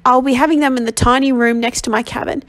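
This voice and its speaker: A woman voicing a brisk, kindly ship's doctor, a middle-aged man, in a novel reading, speaking in a crisp, businesslike way. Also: sits high, steady tone, no echo, natural voice, low-quality recording.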